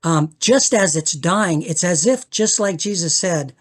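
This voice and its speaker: Earnest older man, halting and heartfelt. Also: high voice, expressive. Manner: earnest, searching, with many restarts and repeated words. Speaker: podcast guest, men's spirituality elder. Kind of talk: reflective spiritual conversation.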